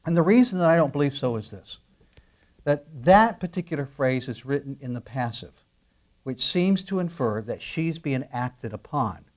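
A man preaching a sermon emphatically, asking rhetorical questions and dropping into soft asides. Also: mid-range voice, animated, normal speed. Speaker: pastor.

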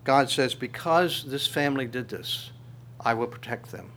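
A man's voice: medium pitch, lively intonation, measured pace, a bit bright. A male pastor preaching a sermon, reading scripture aloud with his own commentary and asking the congregation rhetorical questions.

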